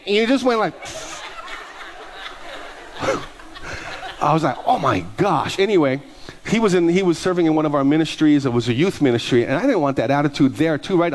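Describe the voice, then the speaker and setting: A middle-aged male pastor preaching a sermon, telling stories and acting out the voices of people in them. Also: medium pitch. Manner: animated, acts out dialogue in quoted voices. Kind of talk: sermon with storytelling.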